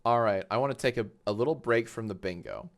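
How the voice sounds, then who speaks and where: A man hosting a live stream, chatting casually and loudly, swearing, laughing and getting excited in bursts. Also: fast. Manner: excitable, loud, swears, laughs often, big swings in pitch and volume. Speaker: livestream host. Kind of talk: casual livestream chat.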